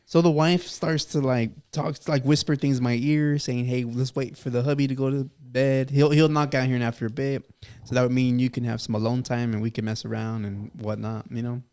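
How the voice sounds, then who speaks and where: A man on a podcast, spinning a long story in a casual, chatty way. He laughs through it and acts out each person's lines. His voice sits at an everyday pitch. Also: a little fast, hardly any pauses, clear, resonant tone. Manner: animated, laughs through the telling, acts out dialogue. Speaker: podcast guest.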